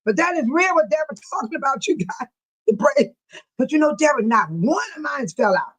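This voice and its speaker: Picture an older woman hosting her own livestream, chatting with her viewers as if they were old friends. Her voice sits high and light, and she breaks into laughter as her stories run along. She talks to people by name and keeps it loose and unscripted. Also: big pitch swings, a little fast, low-quality recording. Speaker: livestream host. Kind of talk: casual chat to viewers.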